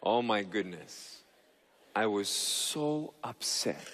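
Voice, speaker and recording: A man's voice: on the low side, very animated, slow pace, fairly bright tone, a little hiss or hum. A man giving a motivational talk on stage, telling a story animatedly and acting out the dialogue. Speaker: motivational speaker. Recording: reverberant hall.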